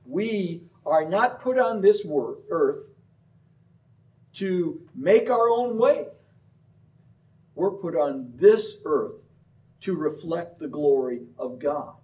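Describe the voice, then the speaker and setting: A man preaching a sermon, telling stories and slipping into acted voices. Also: fairly high pitch. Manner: storytelling, animated with acted voices. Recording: voice from far off the mic.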